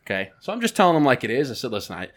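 A man talks quickly on a casual podcast and tells a long work story. He acts out the people he quotes, his voice jumping up for the angry ones. He swears freely and keeps the chat loose. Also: mid-range voice, sing-song, a crowd in the background. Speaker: podcast co-host.

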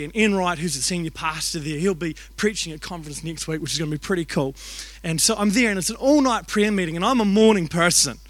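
A man, a youth and kids pastor telling stories in a sermon with animated, joking delivery. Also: sits high, no room sound. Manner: animated, jokey storytelling with acted-out voices. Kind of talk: storytelling sermon.

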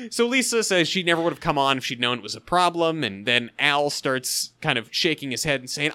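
A man recaps a sitcom episode with a podcast co-host, wry and quick with critical asides. His voice is bright and sits a little high, jumping all over its range. The sound is dry and close, with no room around it. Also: animated, clean tone, no echo. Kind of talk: casual chat recapping a TV episode.

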